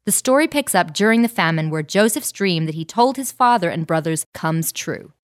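A woman narrating a clear, explanatory summary between Bible story readings. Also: lowish voice, expressive, moderate pace.

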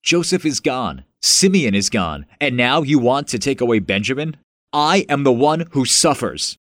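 A man's voice: medium pitch, big pitch swings, normal speed, a bit bright, no room sound, clean studio sound, voice pushed up. A man reading the part of a grieving old father who laments and pleads, in a Bible story reading. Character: grieving old father, fearful for his son.

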